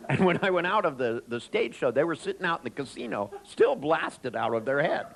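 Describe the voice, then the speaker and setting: A man's voice: fairly high pitch, a little fast, creaky, poor audio. A man giving a live seminar talk to an audience, joking and telling anecdotes as he speaks to them directly. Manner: animated storyteller, joking, addresses audience directly.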